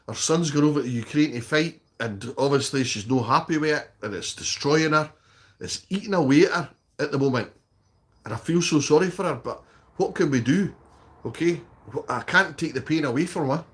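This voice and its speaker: A man with a Scottish accent and a voice on the high side chats casually on a live stream. He reads out viewers' comments and answers them bluntly and with plenty of swearing, often ending sentences with "okay?"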